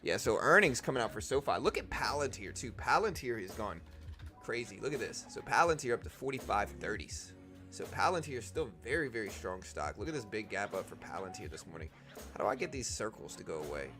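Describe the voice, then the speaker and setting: A man hosting a live trading stream, talking quickly and casually, thinking aloud with slang like dude and bro, on a desk microphone. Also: lowish voice, big pitch swings, sharp tone, faint music behind.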